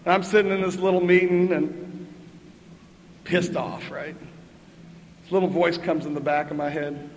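An older man speaks in a fairly high register for a man, sharing his recovery story with dry humor and a conversational rhythm. His voice carries the long echo of a meeting hall, with faint room ambience underneath. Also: level tone, moderate pace, pauses often, slight background noise. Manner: chatty, wry, punctuates with "right?" and laughs. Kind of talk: storytelling share at a twelve-step meeting.

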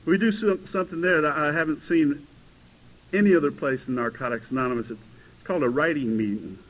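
A man in his fifties telling his recovery story to a meeting, animated and given to sudden loud outbursts. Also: on the high side, a little fast, low-quality recording. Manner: animated storytelling, bursts into shouting. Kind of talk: personal testimony to a meeting. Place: meeting hall before a live audience.

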